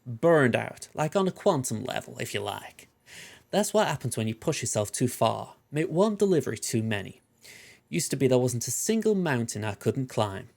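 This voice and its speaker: A man's voice: mid-range voice, creaky, a little mellow. A man voicing a proud, independent veteran male delivery porter in a put-on, folksy accent, reading game dialogue. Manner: folksy, plain-spoken drawl.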